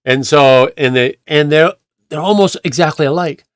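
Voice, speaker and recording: A male pastor talks his way through anecdotes in a loose, conversational manner, restarting sentences as he goes. His voice sits a little high for a man. The recording is dry and close. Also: normal speed, clear, resonant tone, no echo. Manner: rambling, retells clips with acted quotes, many restarts. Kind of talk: conversational sermon storytelling.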